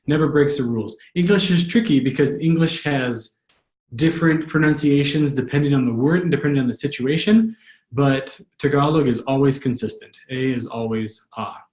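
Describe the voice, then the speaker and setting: A male language tutor giving a pronunciation lesson, patiently repeating words slowly. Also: medium pitch, a little mellow. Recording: echoey room.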